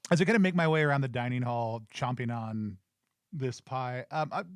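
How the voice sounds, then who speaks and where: A man's voice: mid-range voice, normal speed, smooth, no room sound. Man playing a tabletop game, dry sound. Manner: playful, hesitant with ums and uhs. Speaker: player.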